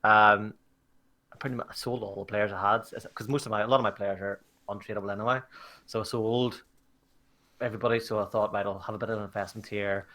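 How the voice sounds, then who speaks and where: Chatty English podcast co-host. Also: male voice, lowish voice, quick pace. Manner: animated storyteller, laughs often. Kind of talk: casual chat.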